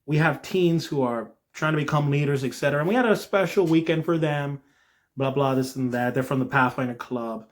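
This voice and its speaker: A young man with a slightly higher voice talks earnestly through a devotional message. His pitch lifts when he makes a point, and he checks in with little asides as he goes. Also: brisk. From New Jersey. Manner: earnest, lively rises in pitch, frequent "all right?" asides. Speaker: Christian video creator. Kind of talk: devotional talk to camera.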